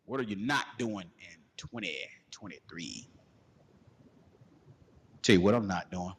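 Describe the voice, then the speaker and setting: A man hosting a podcast, telling a crude comedic story in a loose, animated way and laughing as he goes. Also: low-pitched, measured pace, slightly rough. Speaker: podcast host. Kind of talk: casual comedic storytelling rant. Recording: long hall reverb.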